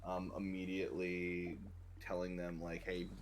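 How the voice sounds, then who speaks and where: A man with a deep voice describes his character's moves at a gaming table, relaxed and full of fillers. Faint noise runs underneath. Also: moderate pace. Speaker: player. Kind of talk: casual tabletop play.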